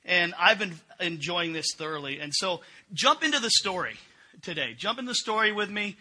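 A man's voice: sits high, lively intonation, normal speed, pushed and bright. A middle-aged man preaching a sermon in a conversational way, often asking the congregation questions. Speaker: pastor.

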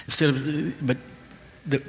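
A man's voice: a little high, level tone, slow, gravelly, in a large hall. A male pastor preaching an earnest, conversational sermon, often restarting his sentences.

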